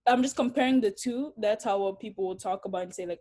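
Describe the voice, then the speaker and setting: A woman's voice: medium pitch, fairly even intonation, fairly quick, dark tone. A young woman from Africa, speaking bluntly and swearing freely in a casual interview.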